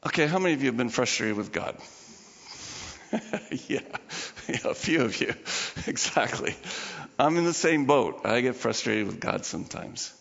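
Animated and gravelly, a man's mid-range voice carries a sermon at a moderate pace, pausing often, with a fairly bright tone. As pastor he keeps things chatty and informal, tossing laughing asides to the congregation. The sound is muffled and washed in long hall reverb.

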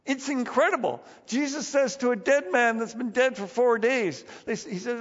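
A man preaching a sermon, animated and conversational, acting out Bible scenes as he goes. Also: sits high, a little fast, few pauses. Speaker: pastor. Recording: dull sound with long hall reverb.

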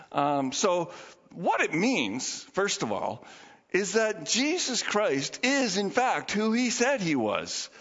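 A man preaching a sermon as pastor in a chatty, animated way, laughing often. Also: sits high. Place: church sanctuary. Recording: dull lo-fi sound in a reverberant hall.

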